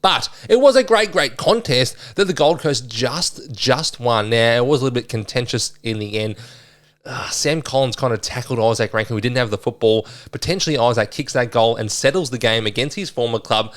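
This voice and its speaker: Chatty Australian sports podcast host. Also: male voice, mid-range voice, moderate pace. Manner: chatty, lively, rambling with fillers. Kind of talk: casual solo sports commentary.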